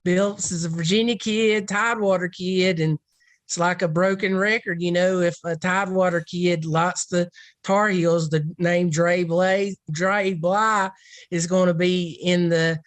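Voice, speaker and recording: A woman's voice: on the low side, fairly even intonation, measured pace, dry recording. Woman recruiting analyst, dry close sound. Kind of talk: casual podcast discussion.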